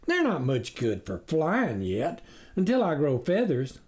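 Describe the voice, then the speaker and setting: A man's voice: on the high side, wildly swooping pitch, a little slow, darkish tone. A man voicing a hairy male wolf who poses as a duck, overly polite and fumbling for excuses. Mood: fawning.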